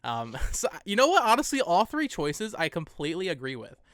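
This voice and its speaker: Fast-talking, bright male podcast host. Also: high-pitched, wildly swooping pitch, dry recording, studio quality. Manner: quick, laughing, conversational. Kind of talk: casual podcast chat.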